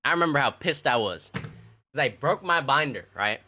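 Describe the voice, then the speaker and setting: Animated, swearing young male streamer. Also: medium pitch, normal speed. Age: young adult. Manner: rambling, profane, lots of fillers. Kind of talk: casual storytelling to chat.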